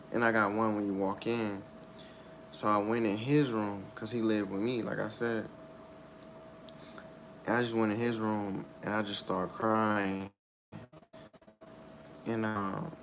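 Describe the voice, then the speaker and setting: A young man giving a candid personal account in a halting, repetitive, subdued way, circling back over his words. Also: on the low side, a bit bright, a little hiss or hum. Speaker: storyteller sharing a personal loss.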